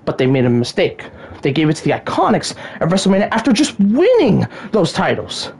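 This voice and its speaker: A woman hosts a solo rant podcast in an exasperated tone, often sighing and stumbling over her words. Her voice is husky, and her pitch swoops widely between highs and lows. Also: wildly swooping pitch, fairly quick, a little mellow. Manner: exasperated ranting, sighs and stammers. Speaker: podcast host.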